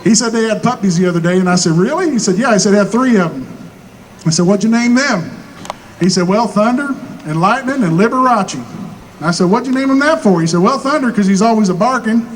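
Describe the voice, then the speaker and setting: A high-voiced man with a rural Southern American drawl spins folksy hillbilly yarns on stage, voicing each character himself and dropping punchlines deadpan. A faint hum of live-room ambience sits underneath him. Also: brisk, poor audio. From Missouri. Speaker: stand-up comedian. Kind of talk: stand-up comedy storytelling.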